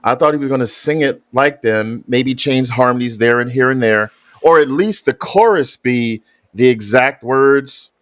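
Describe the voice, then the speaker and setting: A man talks through his reaction, circling back and restarting as he explains his point. His pitch sits mid-range. The sound is dry and a little dull, with no room echo. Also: moderate pace, a bit bright. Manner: hesitant, rambling explanations with restarts. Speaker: reaction video host. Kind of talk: casual reaction commentary.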